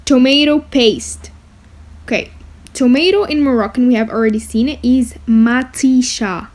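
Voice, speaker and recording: A woman teaching beginner vocabulary, saying each word slowly and repeating it, often checking in with "okay?". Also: high voice. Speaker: language teacher. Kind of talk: slow vocabulary lesson with repetition.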